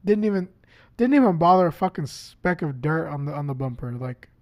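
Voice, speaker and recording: A guest on a podcast, he tells a story loosely and animatedly, cursing freely and voicing each person's words himself. The man's voice is on the high side and fairly quick.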